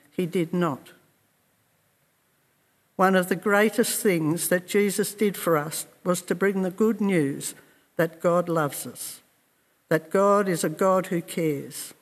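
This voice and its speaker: A man preaching a sermon in a slow, earnest and reflective way, with measured pauses. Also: sits high, long reverb tail.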